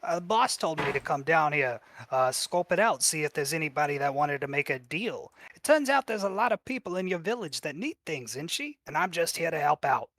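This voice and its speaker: A man's voice: on the high side, big pitch swings, a little fast, hardly any pauses, fairly bright tone, no echo. Man doing a sly dealing crow. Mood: coaxing. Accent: put-on accent. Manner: coaxing salesman patter. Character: scheming talking crow, sly smooth dealer.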